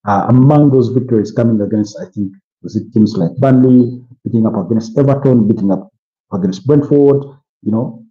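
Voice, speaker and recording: A man's voice: mid-range voice, normal speed, dark tone. A tired, yawning man from Uganda hosting a football watch-along, rambling with lots of "you know" fillers. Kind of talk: casual live commentary and opinion. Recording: muffled lo-fi stream audio.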